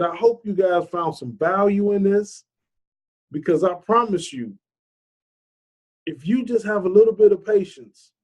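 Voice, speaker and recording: A motivational vlogger with a high-sitting, darkish, slightly breathy voice gives a casual talk. He rambles through a story in an earnest, preachy tone, saying "you know" a lot.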